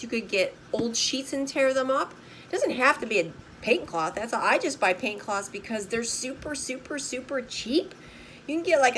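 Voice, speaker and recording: A woman's voice: fairly high pitch, sharp tone, slight background noise, low-quality recording. An older woman with grandchildren, chatting in a bubbly, casual way as she shows a simple art journal craft, repeating words like "super" and asking "right?".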